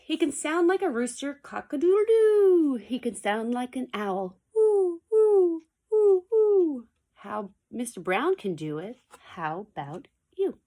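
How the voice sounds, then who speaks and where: A woman's voice: on the high side, big pitch swings, a little slow, few pauses. A woman teacher talking casually to her pupils from her home basement, chatty and digressive, reading a picture book aloud with playful animal sound effects. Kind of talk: casual video message and read-aloud for pupils.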